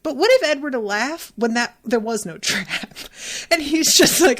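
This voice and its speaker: A woman hosting a podcast, recapping an episode in a chatty, animated way and swearing playfully. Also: high voice, moderate pace. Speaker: podcast host.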